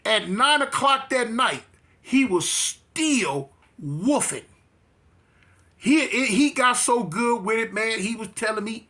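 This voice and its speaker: A man's voice: high voice, sharp tone. A man casually telling a story, with streetwise slang, emphatic repeats and frequent restarts. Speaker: interview guest.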